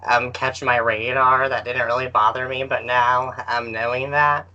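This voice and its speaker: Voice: mid-range voice, flat delivery, moderate pace, bright, forceful tone, muffled recording. A podcast cohost on an online call, hesitant with many fillers and some dry sarcasm. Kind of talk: casual podcast discussion over a call.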